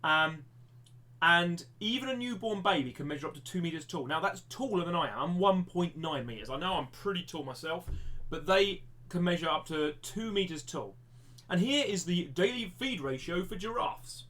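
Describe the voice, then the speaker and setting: A man's voice: a little high, expressive, normal speed, sharp tone. A man teaching a live-streamed maths lesson, chatty and self-deprecating, thinking aloud with frequent restarts.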